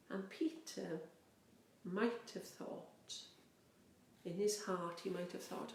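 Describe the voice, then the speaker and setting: Woman rector, children's storyteller, slow and gentle; roomy sound. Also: fairly low pitch. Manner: gentle, expressive, drawn-out. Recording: roomy, faint background noise.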